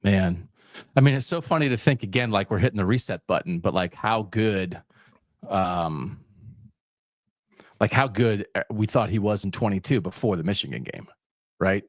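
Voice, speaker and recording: A man's voice: lowish voice, moderate pace, no echo. A man co-hosting a sports podcast, making emphatic points in long, piled-up lists. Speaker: podcast co-host.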